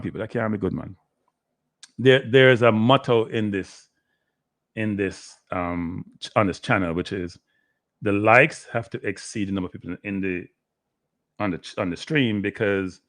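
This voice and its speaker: A low-voiced man hosts a casual live sports stream, rambling on and chatting to his viewers by name. His throat is dry, and the sound is close and dry with no room echo. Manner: rambling, talks to the chat by name, slips into Caribbean patois.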